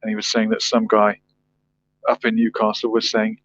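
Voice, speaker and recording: A man's voice: on the low side, monotone, normal speed, fairly bright tone, slight background noise. A man hosting a livestream, chatting casually, reading viewer comments and musing aloud with rhetorical questions. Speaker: livestream host. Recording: dull lo-fi dry sound.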